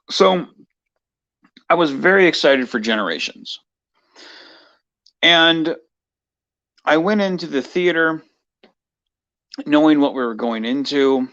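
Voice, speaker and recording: A man's voice: on the high side, lively intonation, takes it slowly, pauses often, a bit bright. Rambling man, dull lo-fi sound. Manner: rambling, many fillers and restarts. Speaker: vlogger. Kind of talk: casual personal monologue.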